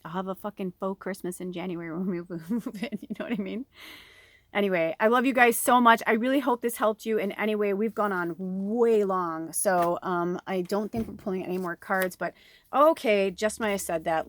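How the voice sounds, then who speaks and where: A woman in her forties, a tarot reader from Chicago, tells viewers a personal story from inside an RV, rambling emotionally and swearing a lot. Her voice is medium-pitched at a normal speed, and the recording is dry with clean studio sound.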